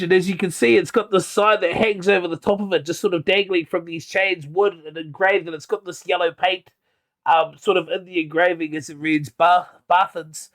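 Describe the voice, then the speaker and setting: A man with a high, gravelly voice running a tabletop game. He narrates slowly and halts often with fillers as he describes the scene to his players. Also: fairly bright tone. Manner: halting, filler-heavy narration. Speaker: game master.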